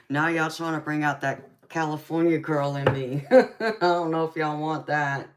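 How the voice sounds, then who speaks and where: A woman's voice: low voice, slow pace, noisy background. A woman with a thick Southern accent, chatting casually with viewers on a live stream as a tarot reader and calling them pet names like baby and darling. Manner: laughs often between remarks.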